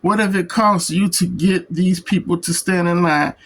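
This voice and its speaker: Over poor audio, a man's high-sitting, steady voice reads aloud from a comic book he's reviewing. He goes slowly and haltingly, tripping on words and restarting them.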